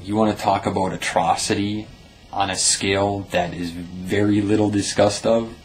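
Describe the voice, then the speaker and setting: A man's voice: deep voice, fairly even intonation, normal speed, soft background music, low-quality recording. A young man from the United States reading out viewer comments in a blunt, profane commentary vlog, often stumbling and restarting.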